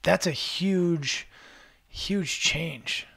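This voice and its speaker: A man's voice: fairly high pitch, very slow, vocal fry, sharp tone, slightly rough. Encouraging male podcast host. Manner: encouraging, frequent affirmations. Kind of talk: casual interview.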